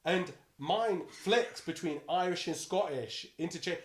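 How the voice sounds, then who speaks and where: A man with a bassy voice, a dungeon master chatting casually as a podcast guest, playful and animated, often slipping into quick character voices. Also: roomy sound.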